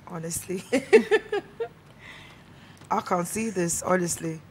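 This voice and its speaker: A woman's voice: fairly low pitch, very animated, takes it slowly, slight background noise. A woman co-hosting a talk show in casual chat, chatty and often laughing as she reads out viewer messages.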